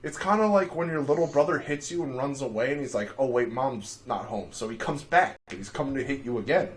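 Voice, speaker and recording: A young man hosting a casual livestream, telling rambling, profane stories full of dark jokes. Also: a little high, fast talker. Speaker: livestream host.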